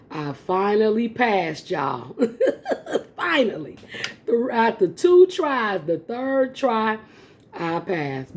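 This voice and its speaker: Woman vlogger, warm mellow tone, casual storytelling to viewers, laughs often. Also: lowish voice. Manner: animated, laughing often, addresses viewers as y'all. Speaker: mukbang vlogger. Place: home, eating on camera.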